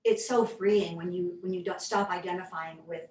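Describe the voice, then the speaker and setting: A woman reflecting in a thoughtful, halting conversational way, sometimes dropping to soft near-whispers. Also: lowish voice, steady tone. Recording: echoey room, mic at a distance, faint noise.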